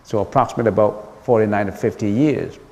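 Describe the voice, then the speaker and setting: A man's voice: fairly low pitch, quick pace, dark tone, muffled recording. A man, a Buddhist monk, giving a dharma lecture in a patient way, repeating key points with frequent ums. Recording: long hall reverb.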